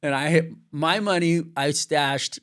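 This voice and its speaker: Animated man telling a raw story. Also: on the high side, measured pace. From Venice, California. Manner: swears freely, acts out quoted dialogue with lively shifts. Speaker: surf commentator, interview guest. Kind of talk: candid storytelling interview.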